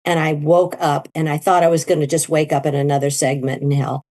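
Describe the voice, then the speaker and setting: A middle-aged woman telling her story in an interview, animated and leaping into high quoted voices. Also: brisk. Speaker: guest, near-death experiencer.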